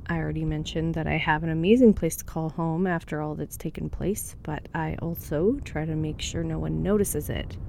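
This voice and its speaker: A woman playing a wary young survivor of the wildfires, talking haltingly through a smoke mask as she records a log alone. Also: sits low, creaky, a little mellow, slight background noise. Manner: halting and hesitant, with many pauses and fillers. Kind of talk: audio drama monologue.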